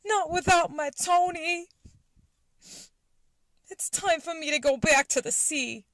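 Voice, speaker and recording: A performer voicing Lena, a heartbroken female aquarium fish star who is done performing, in a high quavering pleading voice. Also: slow pace, a bit bright, no echo, full character voice. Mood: grieving. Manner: tearful, pleading.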